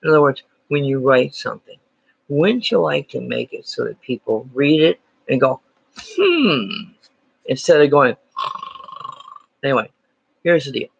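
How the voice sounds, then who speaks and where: A man's voice: medium pitch, normal speed, gravelly, husky, no echo. A man teaching a playful lesson, full of jokey, self-deprecating asides. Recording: dry, dull lo-fi sound.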